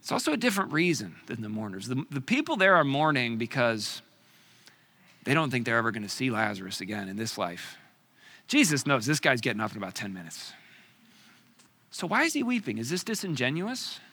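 A man preaching a sermon, with dramatic pauses and rhetorical questions, swinging from loud emphasis to hushed near-whispers. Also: mid-range voice, very animated.

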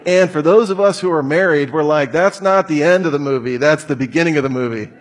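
A man's voice: on the high side, fairly quick. A man giving a humorous lecture to an audience, full of rhetorical questions and joking asides. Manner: rhetorical questions, jokey asides, mock voices. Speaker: speaker giving a talk.

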